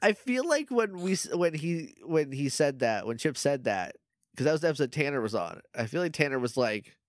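A man's voice: on the high side, very animated, brisk, no echo, clean studio sound. A man co-hosting a podcast, chatting casually as he recaps an episode, acting out characters' lines and laughing often. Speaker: podcast co-host.

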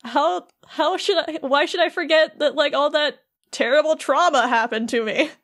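A woman's voice: high-pitched, moderate pace, fairly bright tone, voice pushed up. A woman loosely voicing a bewildered male cartoon dog who rambles on, shaken and incredulous, while retelling a game scene. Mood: indignant.

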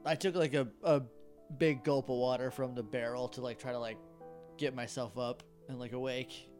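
A man's voice: mid-range voice, fairly even intonation, moderate pace, darkish tone, soft background music. A man playing a tabletop game, rambling casually and filling his talk with "like". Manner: rambling, filler-heavy with lots of "like". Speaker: player.

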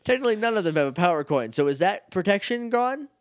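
A man's voice: high voice, very animated, quick pace, dry recording, clean studio sound. A man co-hosting a casual podcast, recapping an episode in a chatty, jokey way and acting out lines. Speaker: podcast co-host.

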